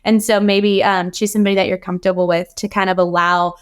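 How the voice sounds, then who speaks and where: A woman's voice: mid-range voice, little pitch movement, fast talker, clear, resonant tone. A woman guest on a podcast, talking earnestly and rambling with many fillers in casual interview conversation.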